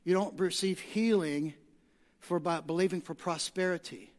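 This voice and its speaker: High-voiced preacher man in a reverberant hall. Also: normal speed. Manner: emphatic, repetitive lists, rises to shouting. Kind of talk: sermon. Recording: long reverb of a large hall.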